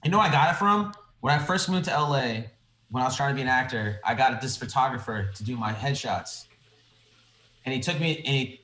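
A lively male guest who tells stories with a voice that leaps up and down. He swears freely. The room around him is echoey. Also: mid-range voice. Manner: animated storyteller, swears freely. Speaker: director guest. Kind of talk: casual podcast chat.

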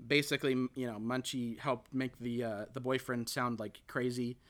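Bright-voiced man rambling through a film recap. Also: mid-range voice, little pitch movement, normal speed. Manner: rambling, full of fillers and restarts, quotes characters. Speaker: podcast host. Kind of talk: casual chat recapping a film.

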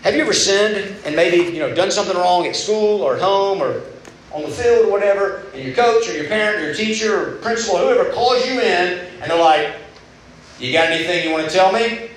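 A young man gives a casual, conversational sermon and slips into quoted voices to make his points. His voice sits a little high and bounces around a very echoey room. Faint noise hums underneath. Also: expressive, fairly quick. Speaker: preacher at a student retreat. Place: large room at a retreat.

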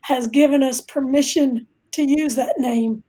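High, mellow-voiced woman guest speaking earnestly. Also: steady tone, a little slow. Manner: earnest, emphatic about faith. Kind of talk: faith talk show conversation.

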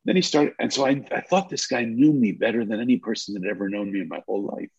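Telling stories as a guest in a podcast interview, a gravelly, low-voiced older man animatedly acts out the dialogue. He talks at a quick pace; the recording has no echo but is slightly muffled.

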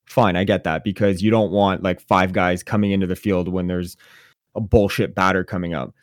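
A man co-hosting a casual sports podcast, telling animated, profane stories and venting with gusto. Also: low voice, normal speed, dry recording, studio quality. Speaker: podcast co-host.

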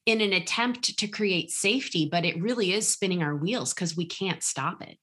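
A woman hosts a podcast interview in a conversational, affirming way. Her voice is bright and forward, set a bit on the low side. She keeps it relaxed and chatty. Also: normal speed, slightly rough. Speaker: podcast host.

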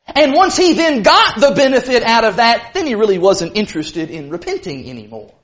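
A man's voice: very high-pitched, sing-song, fairly quick, a bit bright. A man preaching a sermon to a congregation in an emphatic, folksy way. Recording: dull lo-fi recording.

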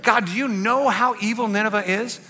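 A man's voice: high-pitched, fairly quick, pushed and bright, long reverb tail, pitched above the performer's own voice. A preacher voicing the prophet Jonah, a defiant and sulky man, in an indignant, exasperated way during a sermon.

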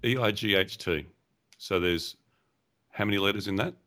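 Deep-voiced man co-hosting over a call. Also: normal speed, pushed and bright. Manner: playful, teasing, chatty. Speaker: podcast co-host. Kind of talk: casual chat. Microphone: remote call line.

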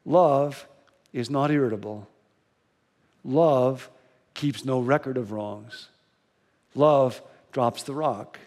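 A male pastor delivers a sermon in a storytelling manner, with earnest and deliberate repetition. His mid-pitched voice rings out with a long reverb through the church sanctuary. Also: a little mellow.

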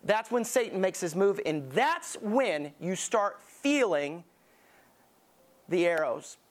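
Emphatic conversational pastor preaching. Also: male voice, high-pitched, very animated, slow pace. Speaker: lead pastor. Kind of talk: sermon.

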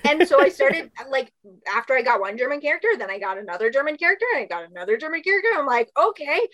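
Bubbly bright young woman. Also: high-pitched, very animated, poor audio. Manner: bubbly, fast, heavy use of "like". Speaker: voice actress guest. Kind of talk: casual interview chat.

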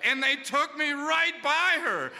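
A man's voice: very high-pitched, expressive, slow, pushed and bright, big-room sound. A man casually telling a rambling, profane anecdote full of restarts. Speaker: storyteller.

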